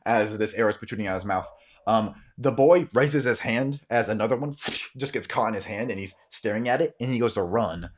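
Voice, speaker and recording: A man's voice: lowish voice, a little fast, a little hiss or hum. A man narrating as game master in a tabletop role-playing game, telling the scene loosely with many ums and sniffs.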